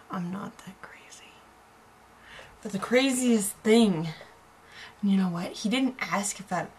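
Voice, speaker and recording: A woman's voice: medium pitch, slight background noise. A young American woman chatting casually in a video blog, rambling and self-mocking, with giggles and voice dropping to murmurs. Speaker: vlogger.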